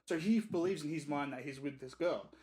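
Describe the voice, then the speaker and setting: A man's voice: on the high side, a little fast, darkish tone. A young man co-hosting a podcast, casually retelling a story and checking in with "right?". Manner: conversational retelling with fillers like "right?". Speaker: podcast co-host. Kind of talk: casual chat.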